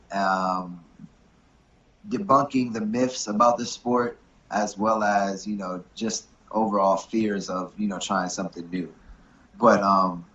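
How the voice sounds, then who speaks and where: A young man, a rugby coach, talking about his club in a relaxed interview, often saying "you know what I'm saying". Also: on the low side, highs cut off. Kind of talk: casual interview talk.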